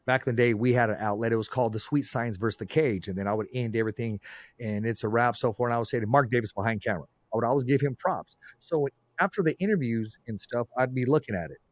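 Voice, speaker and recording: A man hosting a podcast, telling stories in a lively casual way, often saying "man" and "bro". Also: mid-range voice, fast. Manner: animated storyteller, frequent "man" and "bro". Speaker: podcast host. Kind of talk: casual conversation.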